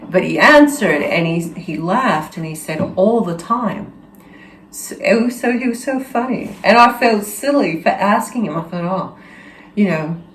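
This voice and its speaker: A woman host telling a personal story in an earnest, halting way, with many restarts and fillers. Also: mid-range voice, expressive, fairly bright tone, a little hiss or hum. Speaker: channel host. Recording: roomy echo with faint ambience.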